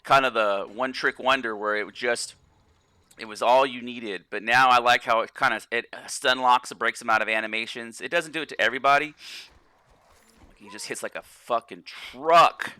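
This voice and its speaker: A man's voice: medium pitch, normal speed, pushed and bright, clean tone, dry recording. A man casually commenting on his gameplay in a rambling, profane way, often repeating and restarting words. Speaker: gaming channel host.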